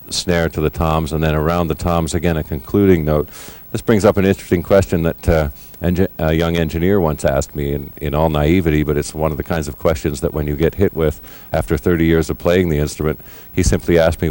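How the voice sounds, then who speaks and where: A middle-aged man in a recording studio, explaining drum fills in a measured, thoughtful way. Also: extremely low pitch, mellow. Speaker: drummer giving a lesson. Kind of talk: instructional explanation.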